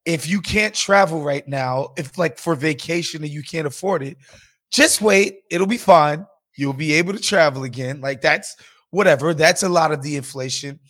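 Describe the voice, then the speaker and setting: A man co-hosting a podcast, talking in an animated, profane, emphatic way about the economy. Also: fairly high pitch, moderate pace. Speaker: podcast co-host. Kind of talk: casual political chat.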